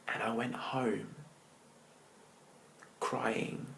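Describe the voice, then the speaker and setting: A man, a motivational speaker, telling his personal story to an audience with dramatic pauses, often dropping his voice to near-whispers. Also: medium pitch, fairly even intonation, vocal fry, poor audio.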